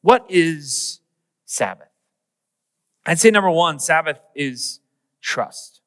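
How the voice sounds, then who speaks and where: A male pastor preaching a humorous, animated sermon, acting out little everyday scenes. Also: a little high, slow, big-room sound.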